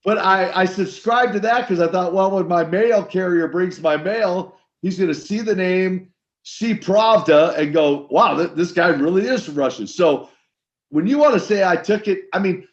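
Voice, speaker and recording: Older male guest, lively storyteller, raised pitch, slightly muffled lo-fi recording. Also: moderate pace. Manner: animated storyteller acting out dialogue. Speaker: guest, former wrestler turned minister. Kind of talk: storytelling interview. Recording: slightly dull lo-fi sound.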